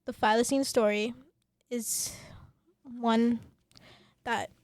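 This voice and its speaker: A woman hosting a student radio podcast, talking with passion and many fillers, then reading her script in a calmer presenter voice. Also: fairly high pitch, slow pace, no echo, clean studio sound. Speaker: podcast host.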